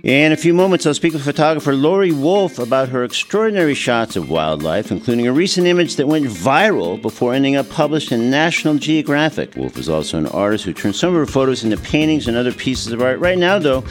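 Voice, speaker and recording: A man's voice: mid-range voice, very animated, fairly quick, few pauses, faint music behind. A man hosting a radio talk show, easygoing and rambling, with fillers and restarts, speaking into a studio microphone.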